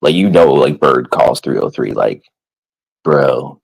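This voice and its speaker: A man's voice: very deep voice, animated, normal speed, creaky, slightly rough, poor audio. Giggling, rambling man streamer. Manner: laughs constantly while talking; rambling, heavy use of "like". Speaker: live streamer. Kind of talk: casual live-stream storytelling.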